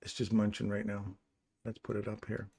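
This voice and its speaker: A man's voice: fairly low pitch, completely flat delivery, moderate pace, vocal fry, a little mellow, breathy edge. A middle-aged man from England, hosting a live trading stream, talking casually through the chart, thinking aloud and joking with viewers in chat. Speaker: livestream trader and channel host.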